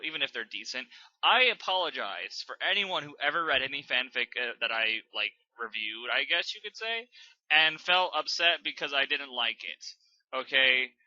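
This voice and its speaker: A man's voice: fairly high pitch, bright, forceful tone, no echo. Young man, fanfic reading and rant, sarcastic, swears a lot, dry close sound, muffled lo-fi mic. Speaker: channel host reviewing fanfiction. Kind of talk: dramatic reading and rant commentary.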